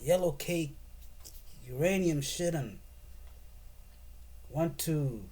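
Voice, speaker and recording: A man's voice: on the high side, animated, slow pace, a little mellow. A man giving a profane, sarcastic and rambling political rant as a commentator.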